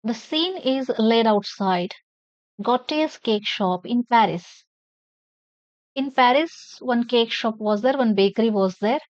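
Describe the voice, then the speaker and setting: This is a woman, teaching a lesson from a play and putting each line into simpler words. Her voice sits a little high. The recording is dry and somewhat muffled. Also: takes it slowly, darkish tone, dry recording. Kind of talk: classroom lesson explaining a play. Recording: dull lo-fi sound.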